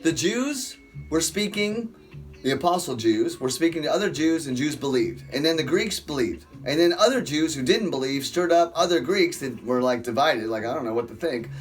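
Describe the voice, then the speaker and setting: A man's voice: fairly high pitch, expressive, normal speed, faint music behind. A man hosting a casual bible study, rambling playfully between jokes and scripture and stretching out words for effect. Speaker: host of a bible study show.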